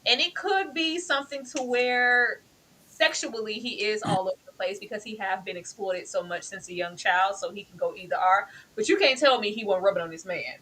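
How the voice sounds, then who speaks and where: A woman co-hosting a casual TV recap chat, animated, laughing often and acting out quotes. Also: medium pitch, brisk, slight background noise. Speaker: podcast co-host.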